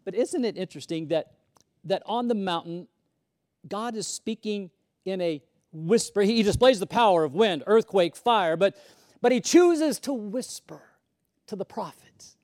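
High-voiced male pastor preaching. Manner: dynamic, swinging from loud emphasis to hushed whispers; repeats words when starting sentences. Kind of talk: sermon.

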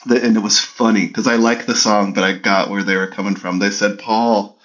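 Male co-host, casual rambling talk, lower voice, muffled lo-fi recording. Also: steady tone, moderate pace, a bit bright. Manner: rambling, many restarts and fillers. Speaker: podcast co-host. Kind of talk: casual chat about an album. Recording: dull lo-fi audio.

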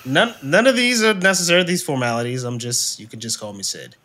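A man's voice: mid-range voice, a little fast, bright, forceful tone, close to an everyday voice. A man voicing an easygoing, rambling male figure who hesitates a lot. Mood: friendly. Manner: casual, rambling, hesitant with fillers.

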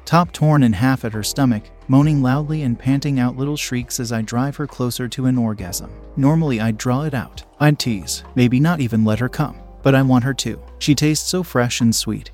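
A young man narrating an adult story in first person, reading in a low, steady, unhurried way. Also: soft background music.

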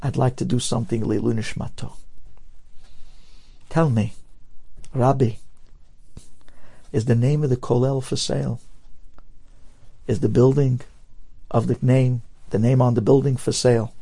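A man voicing a soft-spoken, grieving South American businessman who talks low and solemnly. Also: steady tone, unhurried, vocal fry, long pauses, husky.

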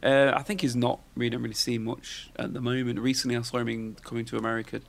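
Guy, 30s, gravelly podcast host, rambling and chatty. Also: mid-range voice, little pitch movement, quick pace. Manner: rambling, chatty, lots of fillers and tag questions. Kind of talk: casual chat.

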